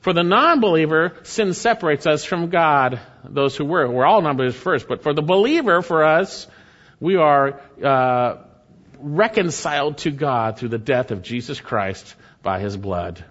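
A man's voice: fairly high pitch, lively intonation, unhurried, a bit bright. A man preaching a sermon, fervent and emphatic, reading scripture aloud between his own remarks. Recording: dull lo-fi sound.

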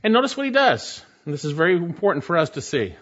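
A man's voice: a little high, very animated, quick pace, fairly bright tone. A man preaching an expository Bible sermon in an emphatic way, repeating his key points for stress. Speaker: pastor. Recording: dull lo-fi recording.

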